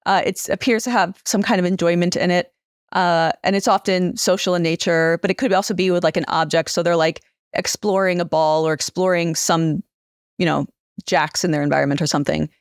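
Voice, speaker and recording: A woman neuroscientist explaining her research in a relaxed, casual interview chat. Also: on the low side, a little fast, clean tone, no echo, clean studio sound. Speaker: neuroscientist guest.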